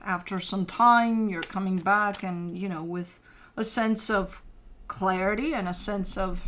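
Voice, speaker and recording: A woman with a medium-pitched, fairly bright voice gives a casual tarot reading at a measured pace, with slight background noise. She speaks straight to the listener in loose language, cursing now and then.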